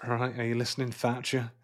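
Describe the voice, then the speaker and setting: Podcast host, crude joking banter, mid-range voice, loose and casual. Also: male voice, medium pitch, noisy background. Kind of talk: casual film podcast chat.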